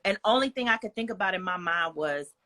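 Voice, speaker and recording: A woman's voice: medium pitch, lively intonation, fairly quick, sharp tone. A young woman, speaking as a guest in a candid, personal storytelling style, earnest and frank, with plenty of "like" and "you know".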